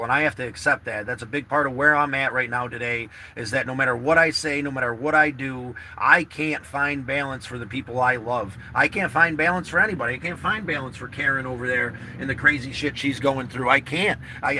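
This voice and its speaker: A man's voice: on the high side, bright, forceful tone, slight background noise. A man chatting casually to livestream viewers from his parked car, rambling and earnest, repeating himself and swearing freely. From New York State.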